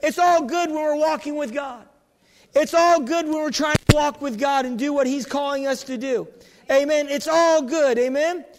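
A man's voice: very high-pitched, steady tone, normal speed. A man preaching a sermon, exhorting his listeners with much repetition and many restarts. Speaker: pastor. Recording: long hall reverb.

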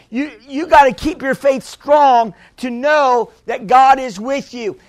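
Man, pastor, very high voice, dry close sound, preaching with loud bursts. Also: no echo. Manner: preaching with sudden loud exclamations. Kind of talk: sermon.

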